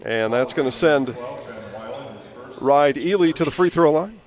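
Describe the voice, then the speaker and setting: A man doing play-by-play for a high school basketball game, chatty and prone to rambling, opinionated asides, speaking from a gym broadcast booth. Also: unhurried. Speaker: play-by-play announcer. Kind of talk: sports commentary. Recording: noisy gym audio with ball bouncing.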